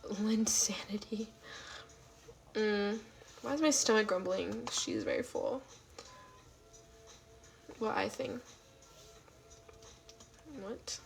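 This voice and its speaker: A woman chatting casually on a late-night livestream from home, with a gravelly, fry-laden voice at an ordinary pitch. She rambles, fills gaps with "um" and "like", and answers her chat, slipping at times into soft half-whispered asides. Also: slow, long pauses, faint music behind, poor audio. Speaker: livestream host.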